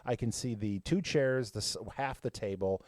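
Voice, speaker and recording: A man's voice: mid-range voice, moderate pace, no room sound, clean studio sound. A man co-hosting a podcast, telling funny stories in casual chat and acting out the voices of people and pets. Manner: animated, acts out voices in stories. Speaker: podcast co-host.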